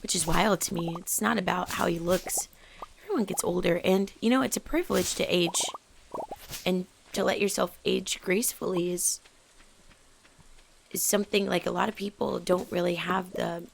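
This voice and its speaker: A woman hosting a casual let's play, chatting excitedly and sometimes dropping into whispers as she plays. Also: on the low side, normal speed, vocal fry, noisy background. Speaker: gaming channel host.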